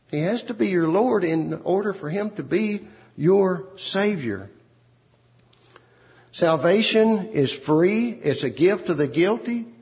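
A man's voice: sits high, creaky, a little mellow. A man preaching a sermon, repeating words and phrases for emphasis. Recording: long hall reverb.

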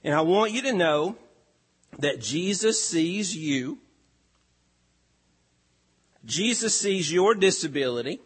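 Preacher, male, measured emphatic delivery, slightly high voice, long hall reverb. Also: expressive, breathy edge. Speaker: pastor. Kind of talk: sermon.

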